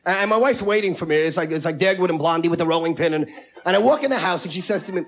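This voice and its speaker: A man's voice: high-pitched, a bit bright. A man doing a brash, ranting stand-up comedy set on stage before a live audience. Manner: brash, rapid-fire, ranting. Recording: lo-fi TV broadcast with audience.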